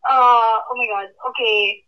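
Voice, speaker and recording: A woman's voice: on the high side, steady tone, a little slow. A young woman on a phone call, stammering and flustered, with lots of fillers. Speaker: prank call target. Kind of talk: casual phone conversation.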